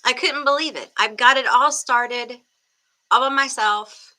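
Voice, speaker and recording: A woman's voice: a little high, unhurried, bright, forceful tone. A woman hosting a tarot livestream from her room, chatting casually on a webcam and greeting viewers by name. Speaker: tarot reader livestream host.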